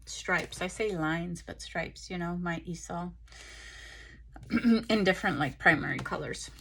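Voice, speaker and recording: A tired woman chatting casually through a craft haul, relaxed and full of ums and pauses, recorded on a phone. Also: lowish voice, creaky, slight background noise. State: tired, yawning. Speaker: craft vlogger. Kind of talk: casual show-and-tell chat.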